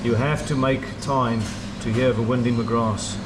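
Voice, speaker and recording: A man's voice: fairly even intonation, moderate pace. Man touring a bird park. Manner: chatty, coos at birds in a high sing-song voice. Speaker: travel vlogger. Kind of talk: casual walking tour vlog. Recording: outdoor clip with loud bird noise.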